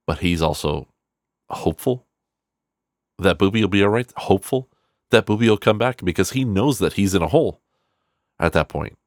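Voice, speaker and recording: Very deep-voiced man, dry close mic, loose profane film-review chatter. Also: moderate pace, no echo. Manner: rambling, profane, animated quoting of characters. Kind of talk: casual spoken film review.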